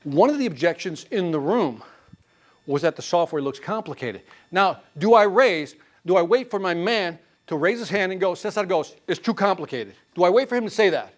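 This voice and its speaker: A man leading a live sales training class, quizzing the room with quick questions and answers. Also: high-pitched. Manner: animated, quizzing the class with call-and-response questions.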